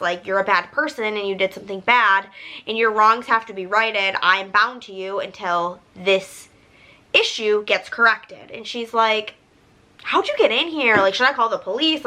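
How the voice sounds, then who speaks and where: Chatty bright-voiced young woman. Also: mid-range voice, low-quality recording. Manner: chatty, fillers of "like", retells scenes in quotes. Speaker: book vlogger. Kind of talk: casual chat about books.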